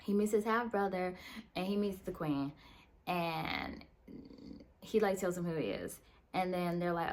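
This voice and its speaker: A woman's voice: lowish voice, expressive, measured pace, long pauses. A tired woman casually recapping a novel late at night, slangy and profane, wandering off track and acting out the characters' lines. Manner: slangy, profane, meandering retelling with mimicked dialogue. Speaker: book reviewer.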